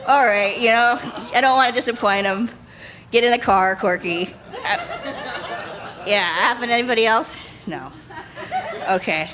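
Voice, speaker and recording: Giggly bright-voiced woman comic. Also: on the high side, normal speed, pauses often. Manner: laughs through her own jokes. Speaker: stand-up comedian. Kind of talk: live stand-up set. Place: live comedy show stage.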